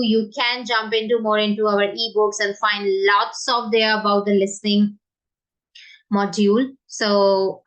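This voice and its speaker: A woman teacher with an Indian English accent, explaining an exam in an informal spoken lesson, often pausing with fillers and restarting her sentences. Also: medium pitch, a bit bright, low-quality recording. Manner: hesitant, many fillers and restarts.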